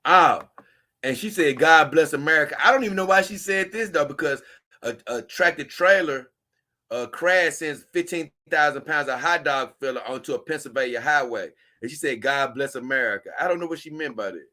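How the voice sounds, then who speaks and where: A man with a drawl and a bright, forceful voice that sits a little high for a man. He rambles in loose, chuckling commentary, reading posts aloud and calling his viewers y'all. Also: expressive, normal speed. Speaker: host.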